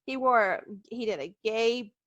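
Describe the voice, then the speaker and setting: A woman's voice: fairly high pitch, unhurried, fairly bright tone, no echo, muffled recording. A woman co-hosting a podcast in casual chat, playful and cheeky, laughing often. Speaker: podcast co-host.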